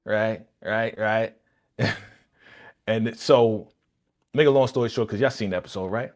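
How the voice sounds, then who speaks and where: A young man hosting a live reaction stream, talking casually and excitedly with slang and lots of laughter. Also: mid-range voice, moderate pace. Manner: animated, laughing, slangy, recaps with quoted lines.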